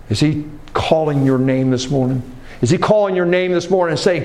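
Fervent male preacher, rising to shouts. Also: fairly quick. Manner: swings from low earnest talk to loud rising exhortation. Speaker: pastor. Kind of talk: sermon.

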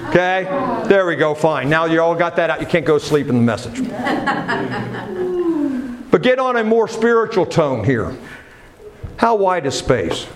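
A man's voice: on the high side, big pitch swings, measured pace, pauses often, crowd noise. A man preaching a sermon in a church, talking casually and putting questions to his congregation. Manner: conversational, asks questions of the congregation.

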